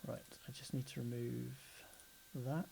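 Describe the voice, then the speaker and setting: A man co-hosting a casual chat show, playful and quick to laugh. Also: mid-range voice, flat delivery, vocal fry, dark tone, slight background noise. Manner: laughs often, playful and chatty. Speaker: podcast co-host.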